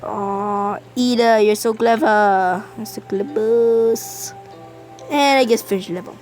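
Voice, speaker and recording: A young woman giving casual let's-play commentary, excitable and talking back at the game's characters. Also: on the high side, a little slow, faint music behind. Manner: excitable, talks to the game characters. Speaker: gamer.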